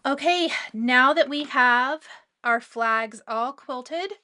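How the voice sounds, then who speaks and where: A woman walks through a craft tutorial one step at a time, chatty and easygoing. Her voice sits a little high. The sound is close and dry, with no room around it. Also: slow, no echo, faint music behind. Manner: chatty and relaxed, with loose asides. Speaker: sewing tutorial host.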